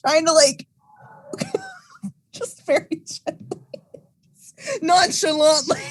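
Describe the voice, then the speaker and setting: A woman's voice: very high voice, wildly swooping pitch, extremely slow, pauses often, dry recording, poor audio. A woman playing a tabletop game, talking playfully and giggling as she plays her character.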